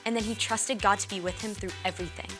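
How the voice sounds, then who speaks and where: A woman presenting a children's church lesson, explaining things in a clear, cheerful way. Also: medium pitch, fairly even intonation, quick pace, music in the background.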